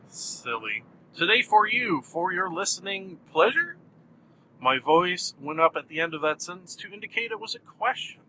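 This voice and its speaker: A man's voice: on the high side, a little hiss or hum, poor audio. Wry, upbeat male podcast host. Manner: wry, deadpan self-mocking humor; animated, jumpy delivery. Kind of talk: solo podcast chat.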